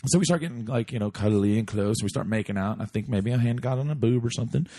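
Husky man telling a rambling story. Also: mid-range voice, rapid-fire, mellow. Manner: rambling, swearing, many fillers and restarts. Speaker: storyteller guest. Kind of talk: casual comedic storytelling.

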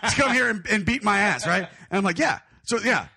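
A man's voice: high-pitched, fast, vocal fry, pushed and bright, dry recording, studio quality. A man, hosting a podcast and telling a crude story with many laughs while putting on voices for the people in it. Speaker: podcast host. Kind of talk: casual storytelling chat.

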